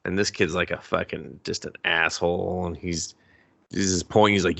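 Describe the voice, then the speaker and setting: Bright-voiced man chatting casually. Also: sits low, fairly even intonation, moderate pace, vocal fry. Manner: loose and profane, acts out scenes in quoted voices. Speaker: podcast co-host. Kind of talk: casual movie review chat.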